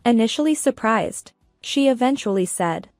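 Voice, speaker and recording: A woman tells a first-person revenge tale at a steady, even pace. Her voice is a little high, and it is recorded dry over quiet music. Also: normal speed, dry recording. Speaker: story narrator.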